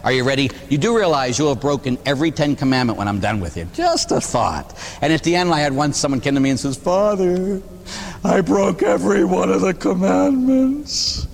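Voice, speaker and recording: A man, a Catholic priest, preaching a sermon in a conversational, animated way, with rhetorical questions and a touch of humor. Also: mid-range voice, fast talker, hardly any pauses, in a large hall.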